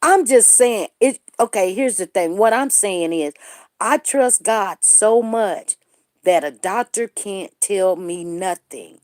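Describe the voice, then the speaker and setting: A middle-aged woman hosting a casual talk show, telling a story in lively chat and acting out the people she quotes. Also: medium pitch, slow, no echo, studio quality. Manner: animated, acts out quoted people. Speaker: show host.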